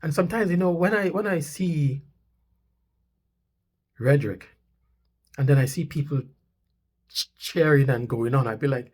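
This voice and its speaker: A man's voice: fairly high pitch, moderate pace, pauses often, a little mellow. A man hosting a commentary channel, talking insistently and repeating his points with rising emphasis. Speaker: channel host. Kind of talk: commentary on news clips. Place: Canada.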